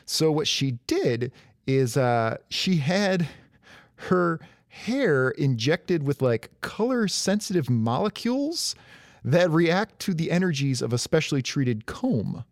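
Lively-voiced man in wry podcast chat. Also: a little high, slow pace, dry recording, studio quality. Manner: wry, explanatory, bookish asides. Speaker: podcast co-host. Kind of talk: casual chat.

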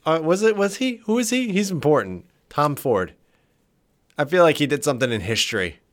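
A man riffing on a podcast with a friend. His pitch jumps around with lively energy, and he swears and laughs his way through the banter. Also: fairly quick. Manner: laughs often, profane and animated. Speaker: podcast co-host. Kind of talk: casual comedic banter.

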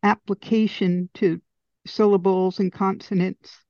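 A woman's voice: medium pitch, level tone, a little slow, darkish tone, no room sound, highs cut off. A woman co-hosting a casual writing discussion, thoughtfully explaining ideas from a book she is reading. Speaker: co-host.

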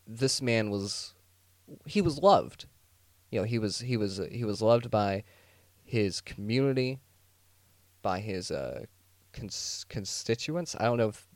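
A man's voice: lowish voice, no room sound. A man hosting a podcast, telling a true-crime story as a rambling, jokey monologue full of restarts and sarcastic asides. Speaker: podcast host.

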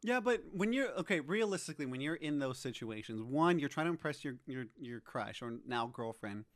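A man's voice: mid-range voice, animated, brisk. A man in casual chat who chimes in, laughs often and swears loosely while recapping a film. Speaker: podcast co-host.

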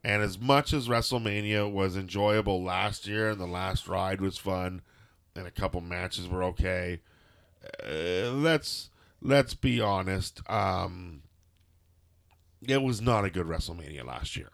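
A man's voice: sits low, a little slow, gravelly, fairly bright tone. A man, co-hosting a casual podcast. He rambles through the recap with sarcastic jokes and loose asides. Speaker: podcast co-host. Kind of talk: casual wrestling recap chat.

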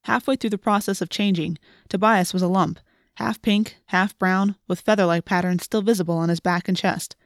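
A woman's voice: medium pitch, steady tone, normal speed, few pauses, no echo. Woman narrating an audiobook, dry.

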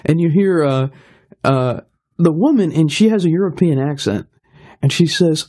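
On a radio show, a male guest with a fairly high, slightly rough voice tells a long anecdote at a moderate pace. He laughs often and acts out the voices of the people in his story, a lively storyteller throughout.

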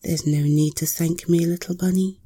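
A woman's voice: on the low side, fairly even intonation, normal speed, dark tone, slightly rough. A woman whispering as a sly, cool cat. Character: bold cat, cool and mischievous.

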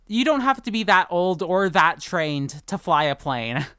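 A woman's voice: lowish voice, sing-song, unhurried, fairly bright tone, clean tone, no room sound, clean studio sound. A woman co-hosting a casual book podcast, rambling with lots of fillers and restarts and laughing often. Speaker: podcast co-host. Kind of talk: casual book-discussion chat.

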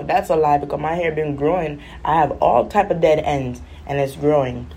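A woman vlogger telling funny personal stories in a chatty, animated way, acting out other people's lines. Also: low voice, normal speed, slight background noise, low-quality recording. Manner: animated, chatty, acts out voices. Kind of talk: casual storytelling.

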